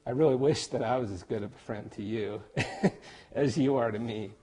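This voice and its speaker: A man recording a heartfelt, halting birthday message to his best friend, getting emotional and joking at himself. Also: medium pitch, dark tone. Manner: emotional, halting, self-deprecating. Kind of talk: personal video message. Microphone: camera.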